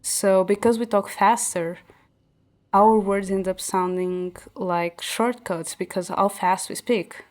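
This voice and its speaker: Gaming on stream, a woman from central Portugal speaks English casually with a Portuguese accent, her native language being Portuguese. Her voice is medium-pitched, fairly even in intonation and slow, and she explains things with many restarts and fillers while soft music plays behind her.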